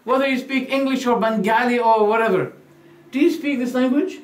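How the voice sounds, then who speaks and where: A man giving a religious lecture, animated, firing rhetorical questions and acting out quoted dialogues. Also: extremely high pitch, a little fast. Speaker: Islamic preacher.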